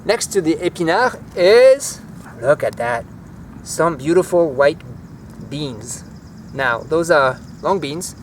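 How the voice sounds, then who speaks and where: A man walking through a home vegetable garden outdoors, naming plants and teaching their French words in a relaxed, chatty way. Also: on the high side, slow, a little hiss or hum. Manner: relaxed, chatty, easily enthused. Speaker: language teacher giving a garden tour.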